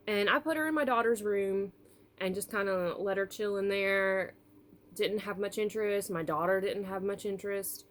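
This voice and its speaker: A woman's voice: fairly low pitch, slight background noise. Tearful woman telling a personal story. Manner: emotional, apologetic, halting with fillers. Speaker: doll collector vlogger.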